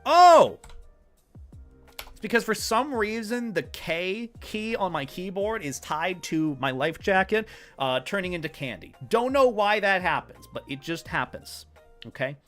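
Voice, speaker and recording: A man on a live stream rambles playfully to his chat, his pitch bouncing up and down all the time. Soft music plays faintly behind him. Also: lively intonation, unhurried. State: hiccups.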